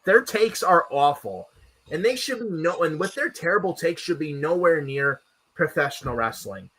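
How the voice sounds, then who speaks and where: A man rants as co-host of a wrestling recap stream. His voice is a little high and swings up and down a lot. He swears freely and comes back to the same complaints. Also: animated, normal speed, fairly bright tone, breathy edge. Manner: profane, ranting, repeats himself. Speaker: podcast co-host. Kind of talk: casual wrestling recap chat.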